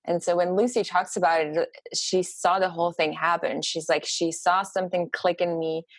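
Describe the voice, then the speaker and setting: A woman sharing a personal story in casual conversation, animated and halting, with many fillers. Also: on the low side, dry recording. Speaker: podcast guest.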